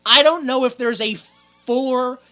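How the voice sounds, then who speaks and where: Animated man recapping a movie. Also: very high voice, moderate pace. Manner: animated, laughs often, acts out characters' lines. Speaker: podcast co-host. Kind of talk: casual movie recap chat.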